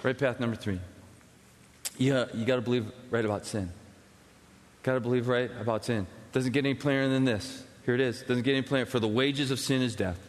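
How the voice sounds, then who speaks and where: A man in his forties preaching a sermon, telling stories in an animated way and swinging between loud excitement and hushed intensity. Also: mid-range voice, brisk. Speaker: pastor. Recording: long hall reverb.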